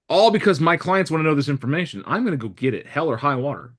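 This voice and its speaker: A man leads a real estate training session in front of a live group. He speaks in a lively, blunt way, acts out the voices of customers and staff, and slips crude jokes in between. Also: fairly high pitch, fast, few pauses. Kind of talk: live training talk to a room.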